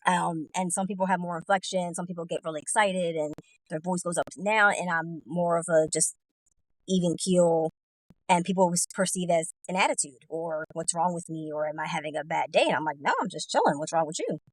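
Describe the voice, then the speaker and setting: A woman guest on a talk podcast who speaks in an even, monotone way. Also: on the low side, brisk, dry recording, rough recording. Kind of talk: casual discussion.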